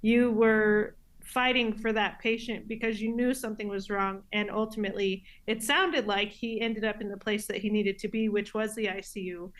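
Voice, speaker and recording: A woman's voice: mid-range voice, a bit bright. Reassuring woman podcast host. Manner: supportive, reassuring, affirming. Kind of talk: conversational interview.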